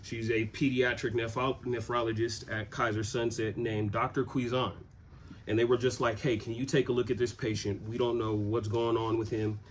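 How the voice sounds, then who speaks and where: A man in his twenties from Southern California, telling a personal story in a relaxed, rambling way with many fillers. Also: medium pitch, moderate pace, slight background noise. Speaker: vlogger. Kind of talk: casual storytelling.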